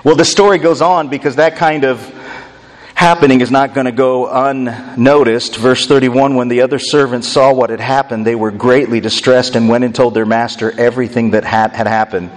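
A man's voice: medium pitch, fairly even intonation, moderate pace, long reverb tail. A man preaching a sermon, retelling a story and acting out its voices expressively. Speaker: pastor.

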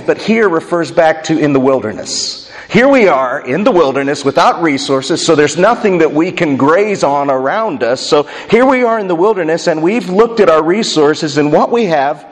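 A man, a pastor with a slightly raised voice, delivering an expository sermon that echoes through a large sanctuary. He drops low and quiet on the words he wants to stress and slows right down to let them land. The long reverb of the hall trails after each phrase.

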